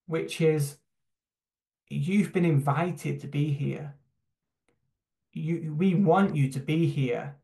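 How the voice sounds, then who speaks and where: Reflective man, gravelly, roomy echo. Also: fairly high pitch, darkish tone. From United Kingdom. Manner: reflective, halting, with frequent fillers and restarts. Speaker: church human rights team member. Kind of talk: personal testimony talk on a video call. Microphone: video call. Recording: roomy echoing sound.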